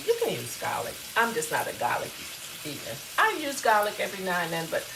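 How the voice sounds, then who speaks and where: A Southern US woman with a mid-range voice talks to her viewers in a folksy, casual way as she shows how to cook at home. Her kitchen recording has a noisy background dominated by the loud sizzle of a frying pan.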